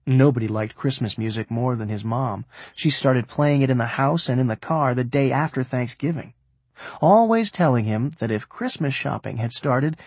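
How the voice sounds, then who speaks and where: A man narrating an audiobook in an expressive way, voicing the characters as he reads. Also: mid-range voice, slightly rough, no room sound.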